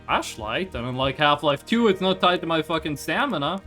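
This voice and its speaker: A man's voice: fairly high pitch, animated, moderate pace, sharp tone, faint music behind. A man streaming a game live, rambling and swearing casually as he plays. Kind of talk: live gameplay commentary.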